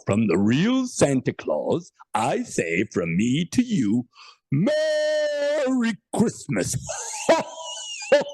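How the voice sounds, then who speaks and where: A man voicing a jolly old Santa Claus, with a husky voice and a drawn-out, sing-song delivery. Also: mid-range voice, darkish tone, dry recording, heavily acted.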